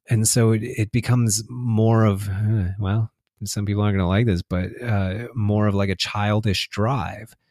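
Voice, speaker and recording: A man's voice: lowish voice, a little mellow, no room sound, clean studio sound. A man talking reflectively in a casual spiritual conversation, laughing often and restarting his sentences.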